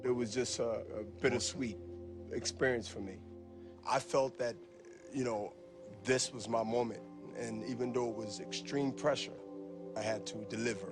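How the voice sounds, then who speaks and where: A man's voice: medium pitch, fairly even intonation, normal speed, music in the background. A man, a former boxer, giving blunt, plain-spoken interview answers with some fillers.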